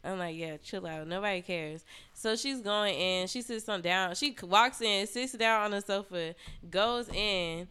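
Her mid-range voice is clear and resonant, and she talks unhurriedly. This young adult woman, a podcast guest, chats casually through an explicit story, animated, swearing, and peppering it with "like."

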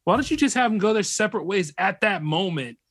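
A man co-hosting a comedy podcast, easygoing and quick to agree. His voice sits a little high and moves around a lot. The sound is dry. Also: lively intonation, a bit bright, slightly rough, dry recording. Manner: brief agreeing replies, easygoing. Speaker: podcast co-host. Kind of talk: casual comedic chat.

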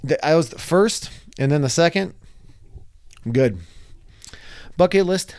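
A young man casually telling a wild personal story, animated, sometimes acting out his own panicked screams. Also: fairly high pitch, a little slow.

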